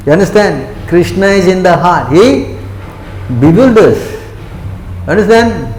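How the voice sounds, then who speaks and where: A man's voice: high voice, lively intonation, a little slow, pauses often, darkish tone. A man giving an interactive scripture lecture, often asking whether listeners follow him. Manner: keeps checking that listeners follow, with short questions. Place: temple hall. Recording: echoey hall with faint noise.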